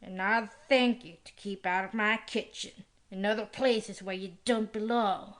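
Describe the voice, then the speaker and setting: A woman's voice: medium pitch, steady tone, unhurried, a bit bright, close to an everyday voice. A woman reading an audiobook, voicing a whining, guilty middle-aged man who owns a hotel. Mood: curt, hostile. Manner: whining, defensive.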